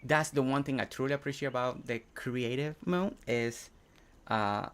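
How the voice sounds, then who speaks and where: A young man, Spanish being his first language, builds on a game live stream while reading chat and thinking aloud in a casual way. His mid-range voice keeps a moderate pace, with a little hiss or hum in the audio.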